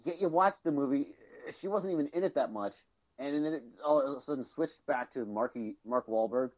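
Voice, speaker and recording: Here a man co-hosting a podcast talks at a brisk clip in a mid-range voice, meandering through casual banter with fillers, restarts and profanity. His audio has a slightly muffled, lo-fi quality.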